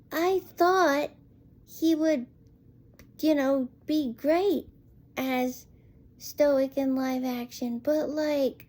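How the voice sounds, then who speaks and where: A woman's voice: high voice, darkish tone. A woman giving a casual spoken film review, rambling and exasperated, filling her talk with "like.". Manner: rambling and exasperated, heavy use of "like".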